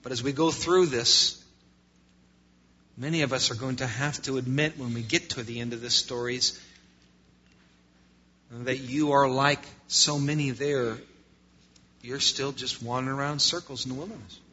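A man preaching a sermon as pastor, swinging between loud passages and quiet ones. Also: medium pitch, steady tone, moderate pace, long pauses, breathy edge. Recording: lo-fi muffled sound.

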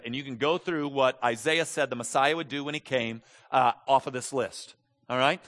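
A man preaching a sermon in an animated, conversational way, moving between quiet asides and loud, emphatic stretches. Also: medium pitch, brisk. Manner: conversational, with frequent restarts. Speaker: pastor.

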